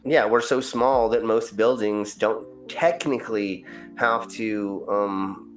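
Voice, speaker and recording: A man's voice: fairly low pitch, takes it slowly, soft background music. A man hosting a casual stream chat, talking in a loose, rambling way and swearing now and then. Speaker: host.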